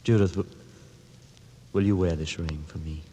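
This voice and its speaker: A man's voice: deep voice, steady tone, moderate pace, warm tone, lightly acted. An actor playing a folksy, eager young man in a 1940s radio drama, full of homespun slang. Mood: tender. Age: young adult. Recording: old radio broadcast with hall reverb and faint hiss.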